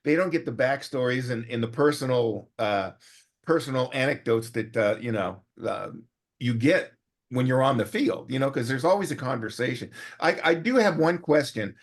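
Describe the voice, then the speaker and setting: A man hosts a relaxed interview, feeling his way through questions with frequent pauses and fillers. His pitch is ordinary for a man. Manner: halting questions, many fillers. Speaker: podcast host. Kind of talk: casual interview.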